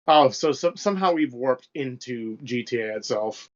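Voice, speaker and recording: Young male co-host, mid-pitched, rambling and sweary, on a dull lo-fi mic. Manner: rambling, loose and profane, lots of fillers. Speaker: podcast co-host. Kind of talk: casual chat.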